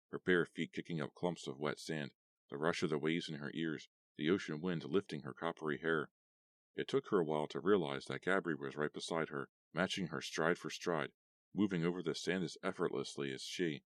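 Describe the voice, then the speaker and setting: A man narrating a horror audiobook in a steady storytelling read. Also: extremely low pitch, a little fast, dry recording. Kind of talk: scripted narration.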